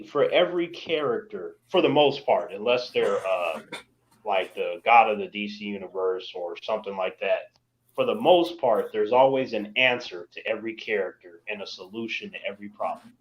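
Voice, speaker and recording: A man's voice: mid-range voice, poor audio. A man chatting casually with a friend on a live stream, joking and acting out imagined scenes. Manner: jokey, acts out scenes in put-on voices. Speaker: co-host. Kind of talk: casual chat.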